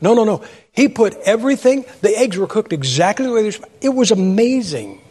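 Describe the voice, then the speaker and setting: A man's voice: high-pitched, expressive, fast, darkish tone, husky, in a large hall. An older man preaching a sermon, telling stories and putting questions to his audience. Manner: storytelling, asks the audience questions. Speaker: pastor.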